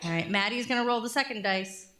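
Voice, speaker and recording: A woman's voice: on the high side, fast, echoey room, noisy background. A woman leading a playful children's activity during a church service, upbeat and coaxing. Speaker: worship leader. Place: church sanctuary.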